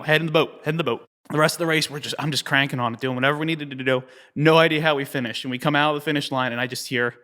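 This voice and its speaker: A man in his thirties from New Jersey tells a story as an interview guest, at a middling pitch. He is animated and chuckles often. His talk is loose and full of "you know" and "like.". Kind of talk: conversational storytelling.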